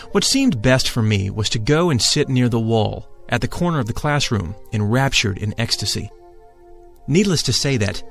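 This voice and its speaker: Solemn male narrator over soft music. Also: mid-range voice. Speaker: audiobook narrator. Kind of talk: solemn first-person book reading.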